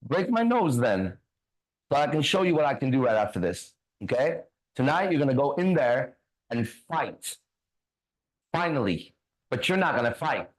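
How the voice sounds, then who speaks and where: A man hosting a faith talk show, telling a story in a casual, profane, animated way and acting out the other voices. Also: medium pitch, moderate pace, rough recording. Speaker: ministry host.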